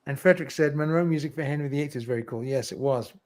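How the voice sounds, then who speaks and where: A man's voice: on the high side, fast talker. A middle-aged man hosting a livestream, chatting casually, reading viewer comments aloud and laughing often. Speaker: livestream host.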